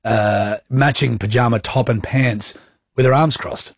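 A man's voice: medium pitch, steady tone, unhurried, breathy edge, no echo. An Australian man co-hosting a radio show, telling a self-mocking anecdote in casual banter from a studio microphone. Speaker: radio co-host.

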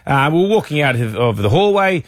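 A man's voice: a little high, a little fast, no room sound. An Australian man co-hosting a radio show, telling cheeky stories in casual banter. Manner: cheeky, animated storyteller. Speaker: radio co-host, former footballer.

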